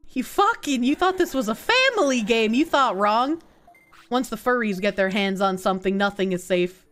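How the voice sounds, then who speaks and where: Lively, profane young woman streamer. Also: on the high side, moderate pace, faint music behind. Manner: casual, profane, joking with chat. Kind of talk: live game stream chat.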